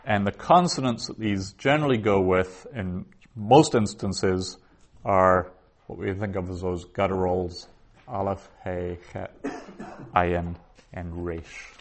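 A man teaching a Hebrew lesson, explaining slowly and thinking aloud with frequent restarts. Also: deep voice. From the West. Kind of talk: lecture on Biblical Hebrew.

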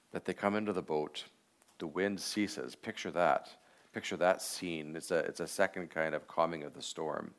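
A man teaching a class, leading a guided meditation on a Bible passage in a reflective, unhurried way with frequent filler pauses. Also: deep voice.

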